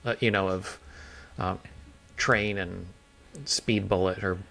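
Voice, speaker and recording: A man's voice: deep voice, steady tone, takes it slowly, creaky, bright, forceful tone. A man co-hosting a podcast in casual chat, rambling through stories and laughing at them. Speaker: podcast co-host.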